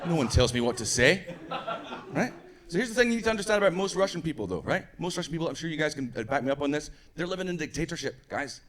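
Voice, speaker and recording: A man's voice: on the high side, lively intonation, a bit bright. Brash Scottish stand-up man. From Scotland. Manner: brash, swearing, acts out quick voices for people in his stories. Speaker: stand-up comedian. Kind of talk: stand-up comedy set. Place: comedy club stage before a live audience. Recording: live club audio with crowd laughter.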